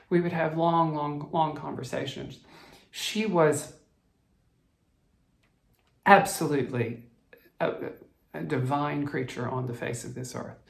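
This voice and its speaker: A man's voice: a little high, gravelly, echoey room. A man from the American South, a cross-stitch vlogger, telling a childhood memory in a rambling, reflective way with many restarts, choked up at times. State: emotional, choked up. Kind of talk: personal storytelling.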